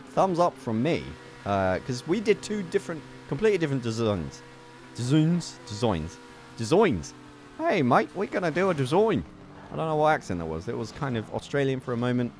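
A young man giving excitable gameplay commentary as a gaming video host, swearing and laughing at his mishaps. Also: medium pitch, a little hiss or hum. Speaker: gaming YouTuber.

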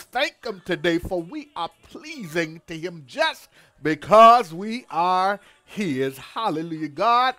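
A man's voice: a little high, a bit bright. A man pastor delivering a devotional sermon, repeating words and calling out hallelujahs in a preacher's cadence.

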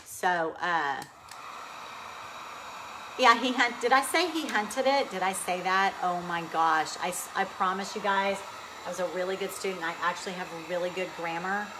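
A woman's voice: fairly low pitch, moderate pace, noisy background. A woman with a Texan accent giving a live DIY painting demonstration, chatty and upbeat, answering viewer comments while she works. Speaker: furniture painting instructor.

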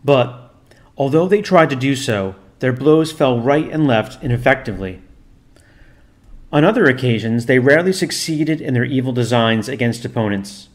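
Male storyteller, formal and steady reading; mid-range voice. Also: medium pitch, normal speed. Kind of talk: scripted narration of a religious history.

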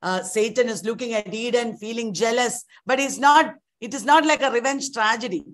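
Animated woman lecturer retelling an epic. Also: on the high side, normal speed. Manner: animated storytelling, repeats key points. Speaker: literature lecturer. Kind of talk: online class lecture.

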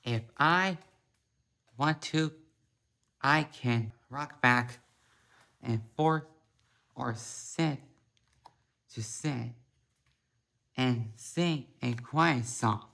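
A man reading a children's picture book aloud, slowly and haltingly, a few words at a time. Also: medium pitch, vocal fry, bright, forceful tone. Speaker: storybook reader.

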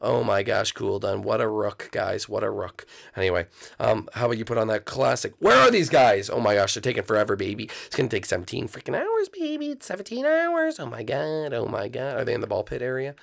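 Gravelly, hyped-up male game commentator. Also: mid-range voice, big pitch swings, a little fast. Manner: hyped, teasing, keeps tacking on "baby". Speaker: gaming video host. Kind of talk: excitable let's-play commentary.

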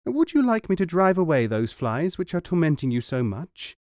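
A man doing a high-voiced eager hedgehog. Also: big pitch swings, moderate pace, a little mellow, dry recording, studio quality. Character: helpful small hedgehog, curious and eager.

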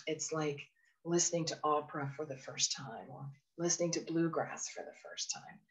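A woman from Canada with a slightly low voice leads a webinar on handling phone calls. She talks in an earnest, encouraging way, often adding "you know" as she explains. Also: poor audio. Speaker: phone communication trainer. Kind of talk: webinar presentation.

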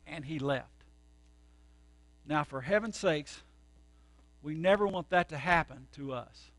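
A man, a pastor, preaching a sermon and telling stories dramatically, jumping from loud outbursts to hushed, quiet lines. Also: a little high, slow, dry recording.

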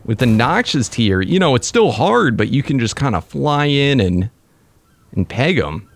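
A young man commentating his own gameplay, excitable and quick to break into frustrated outbursts. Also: mid-range voice, no room sound. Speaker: let's play gamer.

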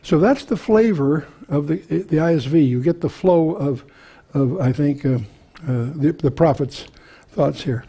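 Gravelly man teaching scripture. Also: a little high, unhurried, dark tone. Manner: reads scripture aloud then explains it, with frequent restarts. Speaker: Bible teacher. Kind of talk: verse-by-verse Bible study.

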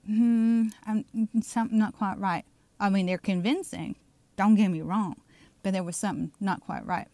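A woman's voice: medium pitch, moderate pace, darkish tone, no room sound. A middle-aged woman with a Southern US accent, preaching in a fired-up, emphatic online commentary that keeps checking in with "okay?". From Southern United States. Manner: fired up and insistent. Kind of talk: fiery religious commentary video.

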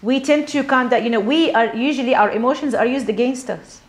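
Animated Australian woman preaching. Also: fairly high pitch, a little fast. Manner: conversational, animated, asks the audience questions. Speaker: religious teacher. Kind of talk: sermon to women's gathering.

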